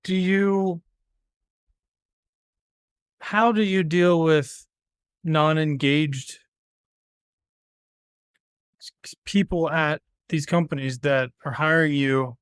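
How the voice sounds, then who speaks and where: An American man hosting an interview, asking drawn-out questions and joking about himself. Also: a little high, fairly even intonation, clean tone, no room sound, studio quality. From United States. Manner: asks drawn-out questions, jokes self-deprecatingly. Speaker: podcast host. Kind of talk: conversational interview.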